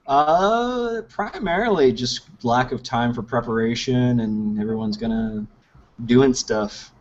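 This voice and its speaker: A man co-hosting a podcast in casual chat, joking around and quick to laugh. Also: medium pitch. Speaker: podcast co-host. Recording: dull lo-fi audio with faint hiss.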